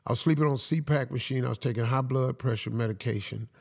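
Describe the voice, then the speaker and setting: Gravelly-voiced man telling his story. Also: medium pitch, fast talker, a little mellow. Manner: emphatic, peppers talk with "man". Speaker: guest. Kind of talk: casual storytelling conversation.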